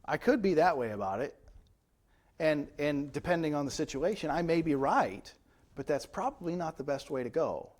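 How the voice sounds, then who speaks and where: A man's voice: fairly high pitch, animated, moderate pace, darkish tone. A man preaching as pastor in a church, teaching from the Bible in a conversational way and often checking in with rhetorical questions. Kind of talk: Bible study sermon.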